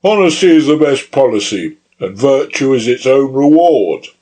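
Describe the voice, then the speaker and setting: A man's voice: medium pitch, animated, moderate pace, dark tone, natural voice, low-quality recording. A man voicing a fiery young male anarchist orator, speaking in a rousing, declamatory way.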